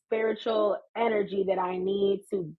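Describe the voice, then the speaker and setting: An American woman in her thirties, a podcast guest telling stories in an animated, laughing way. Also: mid-range voice, normal speed, slightly rough, phone-quality sound. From United States. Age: 30s. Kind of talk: casual storytelling chat.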